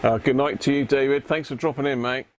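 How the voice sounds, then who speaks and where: Guy on a live stream, chatty, talks to himself while he tinkers, average pitch, bit of faint room hum behind. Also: fairly even intonation, quick pace. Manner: chatty, muttering to himself, greeting viewers by name. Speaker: live-stream host repairing electronics. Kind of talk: casual live-stream chat while working.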